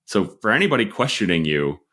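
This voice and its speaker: A man's voice: lowish voice, sing-song, a little fast, fairly bright tone. An American man co-hosting a podcast, making wry, sarcastic asides in casual chat. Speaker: podcast co-host.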